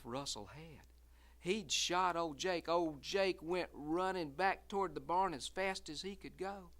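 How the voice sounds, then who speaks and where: A man's voice: on the high side, a bit bright. A man storyteller telling a folksy tale, building suspense by drawing out and repeating phrases. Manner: drawn-out, repetitive suspense building.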